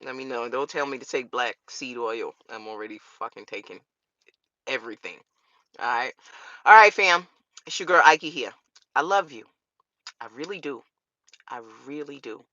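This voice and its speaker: A woman's voice: very deep voice, normal speed, long pauses, sharp tone, dry recording, muffled recording. A woman vlogger, ranting straight to camera on her law channel with profanity and rhetorical questions. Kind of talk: casual straight-to-camera rant.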